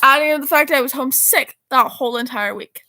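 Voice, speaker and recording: A woman's voice: high-pitched, quick pace, sharp tone, no echo. A teenage girl chatting casually, rambling and correcting herself as she reads old text messages aloud. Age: teens. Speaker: vlogger. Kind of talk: casual chat reading texts aloud.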